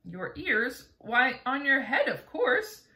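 A woman playing a curious high little boy. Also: sing-song, slow pace, pushed and bright, full character voice. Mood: eager. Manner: wondering, earnest. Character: curious eager small boy. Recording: roomy echo.

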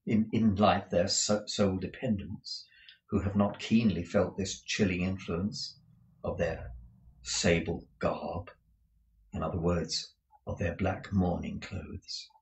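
Lower-pitched man reading a novel aloud. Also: little pitch movement, slow, vocal fry, rough recording. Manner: frequent restarts and self-corrections. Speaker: audiobook reader.

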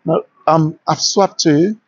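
A man with a British-influenced Nigerian accent takes it slowly, his fairly high voice carrying a breathy edge. He's a travel vlogger walking outdoors on city streets, enthusiastic and opinionated, filmed handheld with lo-fi smartphone sound.

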